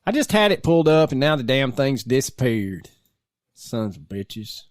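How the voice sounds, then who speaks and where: A married man co-hosting a laid-back podcast, talking in loose, rambling bursts with a laugh slipping into his sentences. His voice sits at an ordinary pitch, and the recording is close and dry, with no room sound. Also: very animated, fairly quick, no echo. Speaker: podcast co-host. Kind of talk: casual podcast banter.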